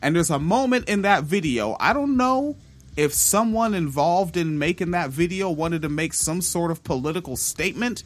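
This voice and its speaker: Casual profane male podcast host. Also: fairly high pitch. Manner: loose and profane, with many ums and uhs. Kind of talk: casual music-history commentary.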